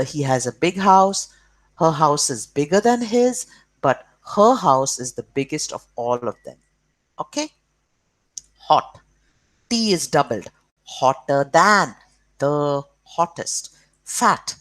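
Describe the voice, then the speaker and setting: A woman teaches young children grammar at a slow, deliberate pace, drawing words out and spelling them letter by letter. Her fairly low voice swings widely up and down in pitch as she checks in with "okay". The sound is dry, with no room echo. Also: sing-song. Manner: says "okay" often to check along.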